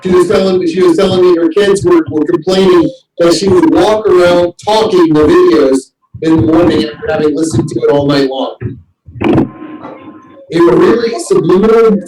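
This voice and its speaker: A man hosting a casual group chat, telling animated stories and shouting out the lines he quotes. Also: sits high, background noise. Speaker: host. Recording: distant mic in echoey room.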